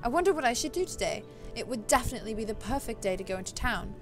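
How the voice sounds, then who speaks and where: A woman reading the lines of a gentle, hopeful young heroine in a visual novel, soft and earnest. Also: a little high, animated, quick pace, over music. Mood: wistful.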